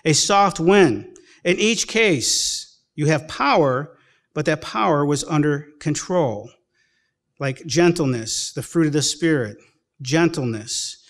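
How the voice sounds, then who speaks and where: A man's voice: on the high side, lively intonation, takes it slowly. A man preaching a sermon as pastor, telling folksy stories with chuckles and acting out the people in them. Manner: folksy storytelling with chuckles and acted-out quotes. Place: church sanctuary.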